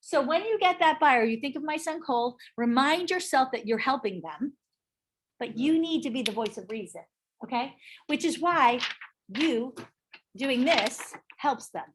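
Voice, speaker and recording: A middle-aged woman teaching a live real estate sales class, animated and often checking in with her listeners. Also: high voice, a little slow, background noise. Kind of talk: live training talk to a class.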